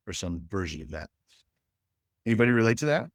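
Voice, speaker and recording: Man, low voice, relationship coach, folksy workshop talk, dry close sound. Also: lively intonation, fast, dry recording. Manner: folksy, acts out quoted dialogue. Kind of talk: workshop talk to a live audience.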